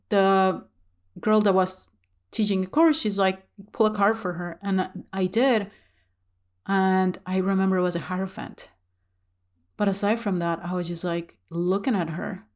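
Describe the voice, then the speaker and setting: A woman talks straight to the camera in a loose, candid vlog style. Her voice sits in an ordinary middle pitch, and she rambles through her story with plenty of fillers and laughter. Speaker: spiritual vlogger.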